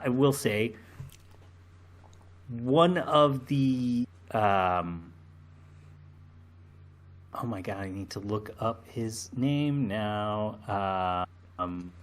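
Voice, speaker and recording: Slow, halting man chatting on a podcast. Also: on the low side. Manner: slow, hesitant, many ums and restarts. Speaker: podcast co-host. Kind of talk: casual podcast chat.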